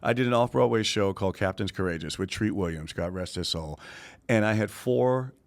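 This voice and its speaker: Middle-aged male stage actor, slightly low voice, easy playful storyteller, casual guest chat. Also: a little fast. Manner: playful, storytelling, laughs often.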